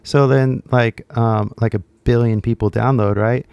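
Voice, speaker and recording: A young American man who teaches English on YouTube gives a casual, rambling lesson to camera, his loose speech full of "like" and "right?". His medium-pitched, darkish voice is steady and a little slow, clean with no room sound, though the recording is muffled.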